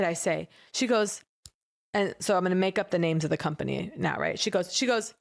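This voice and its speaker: A woman co-hosting a casual comedy podcast, telling a story with lively quoted voices. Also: quick pace, vocal fry. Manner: animated storyteller, acts out quoted voices with big pitch jumps. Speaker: podcast co-host.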